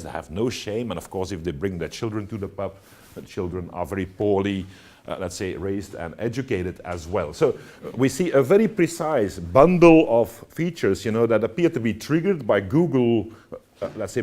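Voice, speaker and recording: This university lecture comes from a man whose voice sits on the low side and sounds slightly mellow. Addressing students, he fills his speech with hesitations and false starts and keeps asking "all right?".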